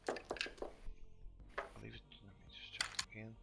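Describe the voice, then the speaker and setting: Halting man running a tabletop game. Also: on the low side, monotone, vocal fry, loud music behind the voice. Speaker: game master.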